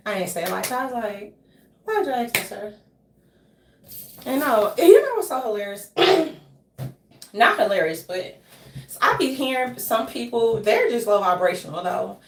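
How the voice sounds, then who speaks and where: A woman vlogger rambles to her viewers in an emotional way, her voice often leaping up. Her voice sits a little high, and it comes from some distance off the mic in a room that echoes. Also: animated, moderate pace, pauses often, a little hiss or hum. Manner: emotional and rambling, with sudden leaps in pitch. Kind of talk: casual monologue to viewers.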